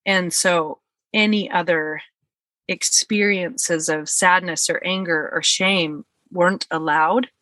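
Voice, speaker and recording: A woman's voice: on the low side, steady tone, slow pace, fairly bright tone, dry recording. A woman telling a personal story in casual chat, earnest and heartfelt, acting out what people said. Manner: earnest, heartfelt, acts out quotes.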